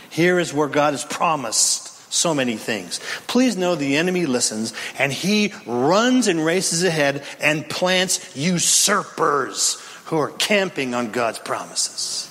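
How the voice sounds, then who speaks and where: Impassioned high-voiced preacher, echoing hall. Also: male voice. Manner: dramatic, impassioned, shouts at peaks. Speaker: pastor. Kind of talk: sermon.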